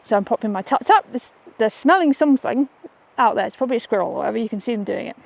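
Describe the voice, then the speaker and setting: A woman's voice: a little high, animated, rapid-fire, creaky. A woman and dog trainer giving a chatty, upbeat outdoor demonstration on a walk, often checking in with "okay?". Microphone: camera she holds while walking.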